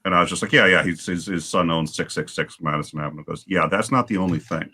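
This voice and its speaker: A man telling a story on a livestream panel in casual chat, animated and halting, with many restarts. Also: low-pitched, husky.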